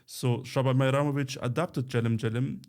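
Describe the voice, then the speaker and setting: A man whose first language is Romani, co-hosting a podcast in casual chat, pausing often with fillers and restarts. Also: medium pitch, fairly even intonation, darkish tone. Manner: hesitant, many fillers and restarts. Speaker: podcast co-host, journalist.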